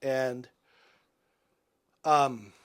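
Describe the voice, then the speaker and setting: A man in his forties, a podcast guest telling personal stories in an earnest, halting way, often restarting and dropping soft and quiet. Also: medium pitch, fairly even intonation, clear, resonant tone. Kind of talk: reflective personal storytelling.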